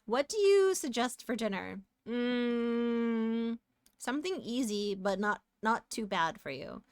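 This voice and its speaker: A fairly high, unhurried American woman chatting on a live stream. She is giggly and talkative, hums little tunes while she works, and her voice sits close and dry on the mic. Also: lively intonation, clean tone, no echo. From United States. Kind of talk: casual live-stream chat while working.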